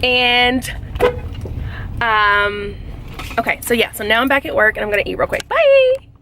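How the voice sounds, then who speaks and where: A young adult woman vlogging casually, retelling a frustrating phone call with animated indignation. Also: medium pitch, moderate pace, background noise. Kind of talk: casual vlog storytelling.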